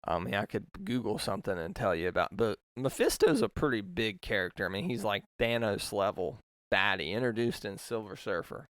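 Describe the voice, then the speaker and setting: Male podcast host, passionate rambling review; low-ish, smooth voice, dry sound. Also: animated, fairly quick, few pauses, no echo. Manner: passionate, rambling with self-corrections. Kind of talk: opinionated review monologue.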